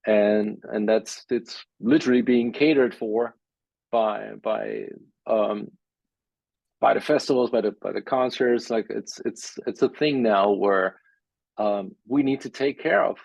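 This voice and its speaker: A male musician guest from Germany in a casual interview, speaking haltingly and repeating words while he thinks. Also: lowish voice, creaky, darkish tone, no echo. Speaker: bass guitarist guest. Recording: dull, muffled sound.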